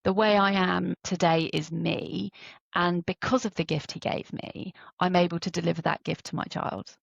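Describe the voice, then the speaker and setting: A woman's voice: lowish voice, steady tone, normal speed, creaky, husky, no echo, dull audio. A woman who works as a teacher and choreographer, talking as a podcast guest in a chatty, heartfelt way with many fillers. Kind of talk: casual interview chat.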